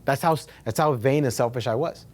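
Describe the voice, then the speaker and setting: A man telling his own business story at a meetup in a casual, animated way, casually swearing and repeating himself for emphasis. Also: medium pitch, a little fast. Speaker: real estate agent sharing his story.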